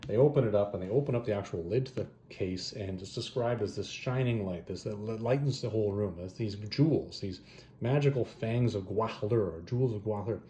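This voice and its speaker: A man casually retelling a fantasy story and reviewing comic adaptations, rambling and animated, correcting himself as he goes. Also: fairly low pitch, fairly quick, slight background noise. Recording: roomy echo.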